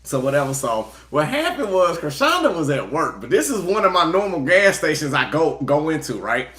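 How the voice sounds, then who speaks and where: A man's voice: on the high side, big pitch swings, brisk, a bit bright. Laid-back man, roomy echo. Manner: chatty, laid-back, breaks into laughter while storytelling. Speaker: tarot reader. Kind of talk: casual livestream chat and tarot reading.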